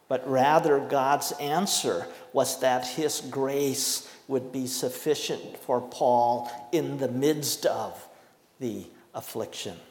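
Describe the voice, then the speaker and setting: A man preaching a sermon, emphatic, with slow deliberate stresses and dramatic pauses. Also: medium pitch, a little mellow. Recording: echoey hall with long reverb.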